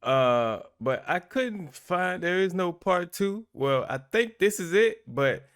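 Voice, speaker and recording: Animated man reacting with laughs. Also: sits high, slow pace, smooth. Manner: animated, laughing, repeats himself for emphasis. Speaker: reaction channel host. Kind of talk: casual commentary on clips.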